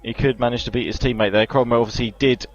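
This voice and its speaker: A man calmly calling a sim racing qualifying session, with dry humour. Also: mid-range voice, fast talker, crowd noise. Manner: laid-back, dry humour. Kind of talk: live esports race commentary. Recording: slightly dull lo-fi mic.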